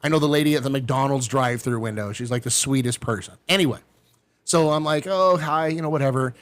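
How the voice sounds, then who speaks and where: A middle-aged man telling a long personal story in casual chat, acting out the people he quotes with big jumps in pitch. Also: fast talker. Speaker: podcast guest.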